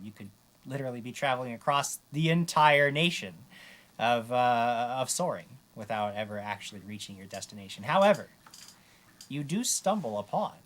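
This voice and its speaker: A man's voice: mid-range voice, a bit bright. A man as game master, narrating a tabletop game in an easygoing way with many fillers.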